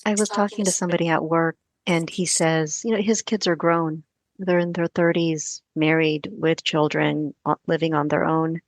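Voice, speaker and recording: A middle-aged woman co-hosting a podcast, speaking in a reflective, measured way. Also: deep voice, steady tone, no echo. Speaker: podcast co-host. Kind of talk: casual chat.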